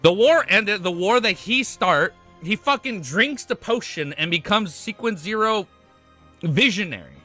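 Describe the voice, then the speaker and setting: A young man streaming live, chatting casually with his audience, excitable and swearing often, tripping over his words and laughing. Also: sits high, measured pace, soft background music. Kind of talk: casual livestream chat.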